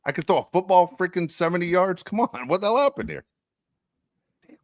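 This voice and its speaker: A man's voice: sits high, big pitch swings, a little fast, dry recording, studio quality. An older man co-hosting a podcast, telling rambling, self-mocking jokes in casual chat. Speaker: podcast co-host.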